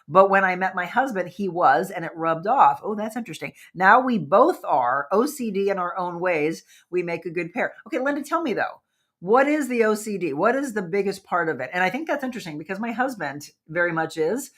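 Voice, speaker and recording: A woman's voice: mid-range voice, fairly bright tone. A woman hosting a wellness talk show, chatting casually and animatedly with her audience and asking them questions. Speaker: host.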